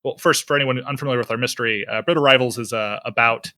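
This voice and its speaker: A man's voice: mid-range voice, fast, bright, forceful tone, no echo, studio quality. A man casually explaining tabletop game rules to co-hosts, loose and enthusiastic with lots of fillers.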